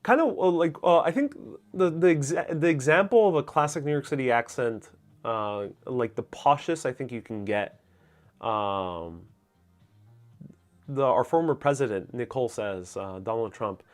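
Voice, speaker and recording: A man's voice: medium pitch, expressive, moderate pace, faint music behind. A young man from the United States hosts a live-stream Q&A on a lapel mic, reading viewer comments aloud and answering them casually. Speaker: host. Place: out on city streets during a live stream. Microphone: wireless lapel mic.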